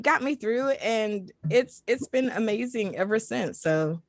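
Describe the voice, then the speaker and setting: A woman's voice: fairly high pitch, animated, unhurried, no room sound. A woman who narrates audiobooks and podcasts, chatting effusively and emotionally on a video call panel. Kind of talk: casual panel chat.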